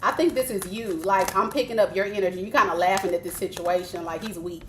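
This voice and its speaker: A woman's voice: mid-range voice, fast, a bit bright, a little hiss or hum. A woman giving live tarot readings to viewers, chatty and teasing, breaking into laughter often and speaking straight to her audience. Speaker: tarot reader.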